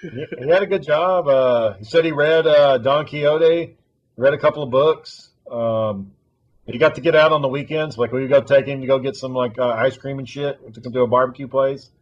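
Man, husky voice, casual profane storytelling, dull lo-fi sound. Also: medium pitch, normal speed. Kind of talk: casual chat.

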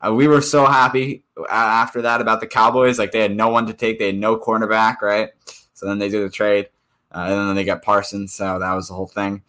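A man's voice: lowish voice, level tone, brisk, sharp tone. A man co-hosting a casual sports podcast, rambling with frequent restarts. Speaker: podcast co-host.

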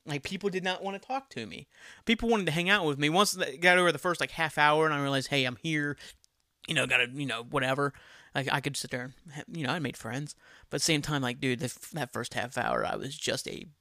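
A man's voice: a little high, fast, bright, forceful tone, no echo, studio quality. A man hosting a casual solo podcast, ranting bluntly with lots of swearing and laughing at his own jokes. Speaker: podcast host.

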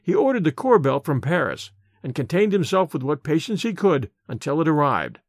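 A man narrating a classic short story in expressive, scripted storytelling, slowing down for vivid imagery. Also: a little high, dry recording, clean studio sound. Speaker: audiobook narrator.

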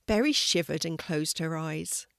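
Older woman, grandma storyteller, low gentle voice, dry close sound, measured read. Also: expressive, creaky, dry recording. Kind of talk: reading a children's story.

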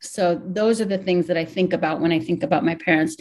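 Woman author, 40s, from Hawaii; reflective interview talk, candid and emotional, slightly low voice. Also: fairly even intonation, brisk, a little mellow. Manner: candid, emotional, thinks aloud.

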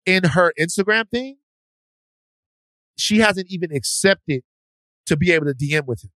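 A man's voice: high-pitched, lively intonation, moderate pace, fairly bright tone, no room sound, studio quality. A man co-hosting a podcast, telling a story in a casual, slangy, rambling way with restarts. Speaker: podcast co-host.

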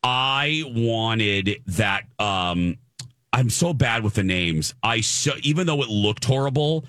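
A man's voice: expressive, takes it slowly, a bit bright, no room sound, studio quality. A man hosting a morning radio show, chatting casually and playfully with his co-hosts. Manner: playful, drops into silly low voices. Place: radio studio.

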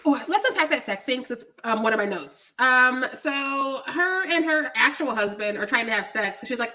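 A woman's voice: high voice, animated, normal speed, hardly any pauses, sharp tone. A woman co-hosting a podcast, chatting casually about a movie, laughing often and acting out the characters. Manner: laughs often, acts out characters in mock voices. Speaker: podcast co-host. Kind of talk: casual movie review chat.

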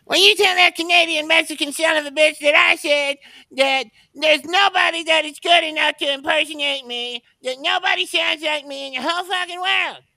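A touchy, foul-mouthed aging rock star rants as if on a phone call, as a man puts on his voice. The voice sits high and sounds bright and sharp. It is recorded close and dry. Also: steady tone, normal speed, no room sound, heavily acted. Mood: boastful. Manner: indignant, swearing, ranting. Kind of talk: prank phone call impression.

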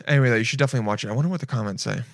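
A man's voice: medium pitch, very fast, background noise. A young man streaming and reacting to videos in loose, swearing, self-mocking casual talk.

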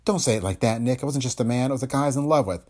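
A man voicing a nervous young actress, breathy and stammering, in an audiobook of a detective story. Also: mid-range voice, racing, darkish tone, close to an everyday voice. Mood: rueful. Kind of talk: audiobook character voice.

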